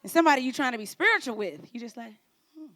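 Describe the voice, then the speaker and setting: A woman pastor preaching at a conference, playful and animated, acting out little quoted exchanges. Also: fairly high pitch, racing. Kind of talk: sermon. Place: conference stage.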